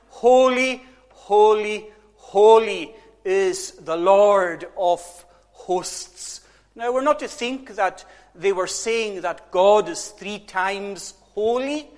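A man delivers a sermon in a high voice, each phrase weighed out slowly and stressed with repetition. His words ring out with the long reverb of a large hall. The delivery is unhurried and emphatic throughout. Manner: slow, emphatic preaching with repeated phrases. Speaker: preacher.

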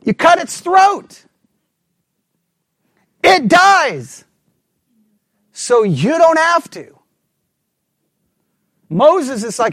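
Guy preaching a sermon, pretty high voice, dry close sound, keeps asking the crowd questions. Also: big pitch swings, drawn-out words, pauses often, fairly bright tone, no room sound. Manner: emphatic, asks the congregation rhetorical questions.

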